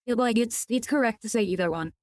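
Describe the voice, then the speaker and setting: A woman's voice: fairly high pitch, fairly quick, no room sound. Rambling Californian woman streamer. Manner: rambling, many restarts and repeated words, swears casually. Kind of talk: casual live-stream chat while gaming.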